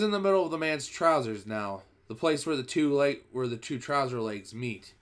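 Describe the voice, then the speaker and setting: A man's voice: medium pitch, expressive, normal speed, hardly any pauses. A man reads a children's book aloud on a livestream, telling it in the first person. He reads expressively in a mid-range voice and often backs up to restart a phrase. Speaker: streamer reading a book aloud. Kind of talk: first-person storybook reading.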